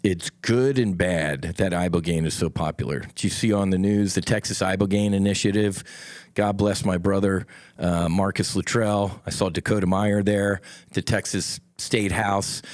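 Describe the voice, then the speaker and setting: A man's voice: sits low, fairly even intonation, moderate pace, darkish tone, no room sound, studio quality. A middle-aged man hosting a solo podcast, talking in a blunt, impassioned way and swearing freely. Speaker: podcast host.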